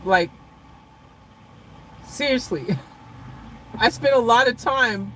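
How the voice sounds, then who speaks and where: A livestream host talks casually to viewers from inside a vehicle, chuckling often and swinging between loud, playfully dramatic teasing and quiet sincerity. The voice sits in a middle pitch, and a faint vehicle hum runs underneath. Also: lively intonation, extremely slow, rough recording.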